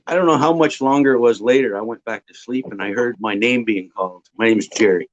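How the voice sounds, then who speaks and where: A man from Ontario, a guest casually telling a long, rambling anecdote with filler pauses. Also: mid-range voice, a little hiss or hum. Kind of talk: casual storytelling. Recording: dull lo-fi audio.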